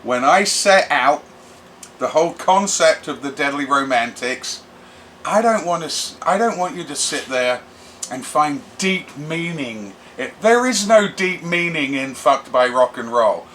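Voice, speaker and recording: A middle-aged man, a rock musician telling stories in a brash, animated interview. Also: fairly high pitch, a little slow, slight background noise. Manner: brash, animated, does voices for quoted people. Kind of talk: casual storytelling interview.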